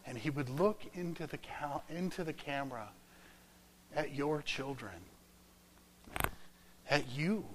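A man preaching a sermon through a story, rising loud and then dropping to a whisper. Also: on the high side, takes it slowly, long pauses, a little hiss or hum, low-quality recording. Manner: dramatic, swinging from loud to whispered.

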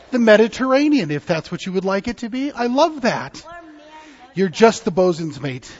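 A pastor telling a children's sermon, animated and coaxing the children to join in, recorded in a church. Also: male voice, sits high. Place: church sanctuary. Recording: muffled sound in a long-echoing church hall.

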